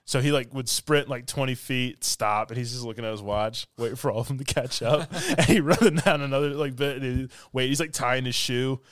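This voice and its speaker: A man on a podcast retelling a movie scene by scene, rambling and filling every pause with "like" while acting out the lines. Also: medium pitch, fairly bright tone, dry recording, clean studio sound. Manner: rambling, fills with "like", acts out quotes. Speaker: podcast co-host. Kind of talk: casual film review chat.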